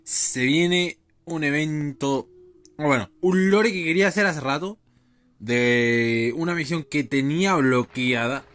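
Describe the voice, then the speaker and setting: Brief: man, relaxed let's-play talk with crude jokes. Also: a little high, normal speed. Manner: casual, swears freely. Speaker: game streamer. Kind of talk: casual let's play commentary.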